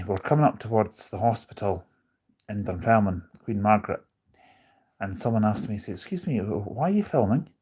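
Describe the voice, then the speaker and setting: A man's voice: lowish voice, a little mellow, slightly rough. A man live streaming from on board a bus, chatting casually, rambling with his opinions and reading out viewer comments.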